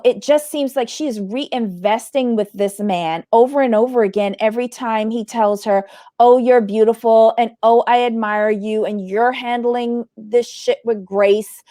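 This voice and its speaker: A woman's voice: mid-range voice, darkish tone, no room sound, studio quality. A woman hosting a casual reality TV commentary show, talking bluntly and with lots of energy, swearing and acting out quotes.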